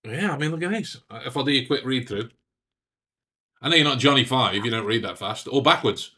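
Man, casual chat, halting speech, mid pitch, rambles with fillers. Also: lively intonation, pushed and bright, husky. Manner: rambling, halting, laughs often. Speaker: podcast co-host.

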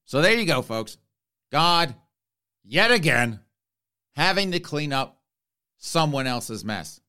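A man's voice: on the high side, sing-song, slow, long pauses, bright, forceful tone, clean tone. A man hosting a comedic commentary show, mocking and ranting, often calling out to his listeners. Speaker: commentary host.

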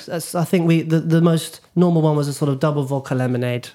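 A man's voice: on the high side, quick pace, warm tone. A young man from Britain hosting a podcast, telling rambling stories in casual chat with many fillers and restarts. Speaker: podcast host.

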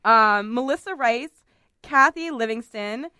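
A woman's voice: a little high, measured pace, bright, forceful tone, clear, resonant tone, no echo, clean studio sound. A woman hosting a podcast in casual chat, talking chattily, often laughing and apologizing. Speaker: podcast host.

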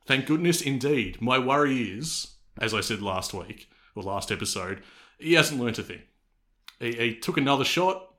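A man's voice: medium pitch, animated, moderate pace, sharp tone. An Australian man hosting a sports podcast, talking in a dry, sarcastic, teasing way. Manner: sardonic, teasing, drily sarcastic. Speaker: podcast host. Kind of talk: casual sports podcast chat.

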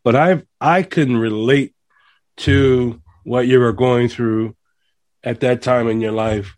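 A man hosting a casual radio interview, talking in animated, preachy rants that build emphasis. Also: medium pitch, slow pace. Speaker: radio show host.

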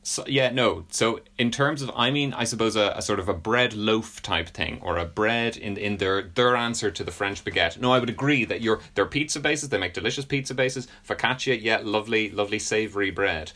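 A man's voice: on the low side, a little fast, hardly any pauses, pushed and bright. A British man in a casual comedic chat, rambling through self-deprecating stories. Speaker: podcast co-host.

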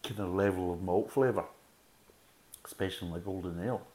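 With a low, darkish voice and a fairly quick delivery, a middle-aged man tastes and reviews a beer. He rambles casually and keeps drifting into chatty asides, as befits a podcast host.

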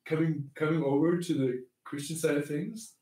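A man's voice: on the high side, fairly even intonation, moderate pace, dark tone. A podcast host who grew up in Canada talks in a rambling, casual way, chuckling often and restarting his sentences. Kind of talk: casual faith chat. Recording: roomy echo, mic at a distance.

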